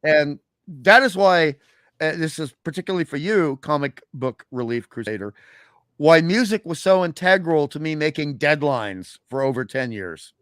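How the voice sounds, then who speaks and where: A man hosting a casual chat, musing at length with drawn-out asides. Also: on the high side, lively intonation, a bit bright, no room sound, studio quality. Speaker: podcast host.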